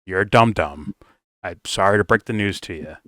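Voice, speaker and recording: A man's voice: low voice, normal speed, bright, forceful tone, no echo. A man giving a casual review, talking bluntly and swearing freely. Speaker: film reviewer. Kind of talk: casual commentary rant.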